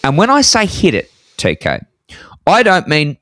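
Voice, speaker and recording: A man spinning a story to his co-host in casual podcast talk. He gets animated and leaps into a high voice to stress a point. The sound is dry and close. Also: unhurried, dry recording. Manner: animated, jumps high in pitch for emphasis. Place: apartment in Scotland.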